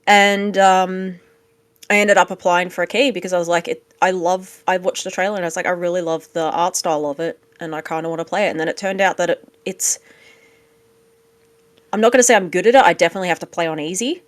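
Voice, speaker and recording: A woman with a fairly low voice, talking casually as a podcast co-host. She is chatty and playful and teases her partner, and her voice sounds close and dry with no room echo. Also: steady tone, quick pace. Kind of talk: casual chat.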